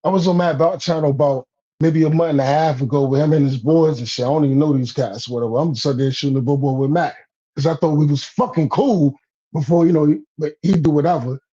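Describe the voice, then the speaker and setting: A man in heated casual chat, rambling, repeating himself and swearing as he builds to loud outbursts. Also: fairly high pitch, fast talker, slightly rough. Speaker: guest on a talk stream. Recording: dull lo-fi stream audio.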